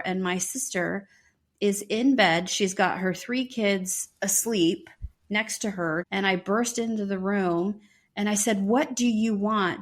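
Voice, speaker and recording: Woman telling a spooky story. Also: medium pitch. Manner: animated, acts out quoted voices. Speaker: podcast co-host. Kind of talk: casual storytelling.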